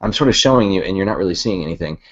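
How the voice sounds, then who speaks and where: A man's voice: deep voice, expressive, rapid-fire. A man co-hosting a podcast, hesitantly searching for words as he explains. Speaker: podcast co-host. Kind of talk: casual podcast chat. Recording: dull lo-fi audio with faint noise.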